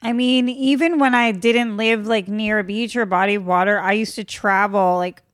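A young woman co-hosting a podcast in casual chat, blunt and crude with a deadpan delivery. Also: medium pitch, normal speed, no echo, studio quality. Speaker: podcast co-host. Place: apartment overlooking a river.

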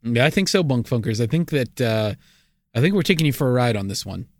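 A man co-hosting a comedy podcast, chatting playfully and happily riffing along with his partner. His voice rises and falls with animated, expressive pitch. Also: fast, no echo, clean studio sound. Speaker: podcast co-host. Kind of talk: casual podcast chat.

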